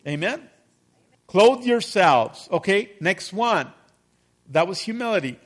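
A man's voice: sits high, big pitch swings, slow pace. A middle-aged man preaching a sermon as pastor, conversational, often asking the congregation to agree with him. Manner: conversational, addresses congregation with call-and-response questions.

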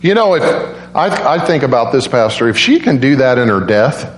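A man's voice: big pitch swings, normal speed. Middle-aged male evangelist, fervent storyteller, mid-range voice, faint hum behind. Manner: impassioned storytelling, rising high when acting out emotional quotes. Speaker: preacher.

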